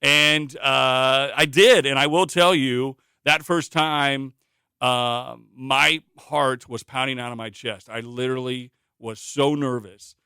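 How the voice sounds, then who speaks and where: Middle-aged guest from Indiana, bright, resonant voice, chatty storyteller; dry studio sound. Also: male voice, mid-range voice, slow pace, smooth, dry recording. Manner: animated anecdotal storyteller with frequent fillers. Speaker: interview guest, public address announcer. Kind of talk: conversational storytelling.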